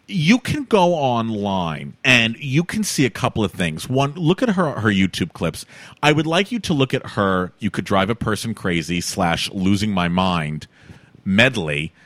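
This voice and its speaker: A man's voice: mid-range voice, a bit bright, no echo. A man in casual chat as a podcast co-host, talking with enthusiastic emphasis.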